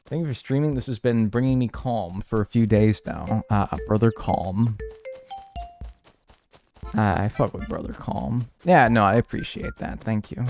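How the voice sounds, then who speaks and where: A man's voice: on the low side, animated, measured pace, vocal fry, darkish tone, soft background music. A man streaming a speedrun and chatting casually with viewers, rambling, joking and swearing freely. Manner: rambling, profane, jokey banter with chat. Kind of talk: casual livestream chat while playing.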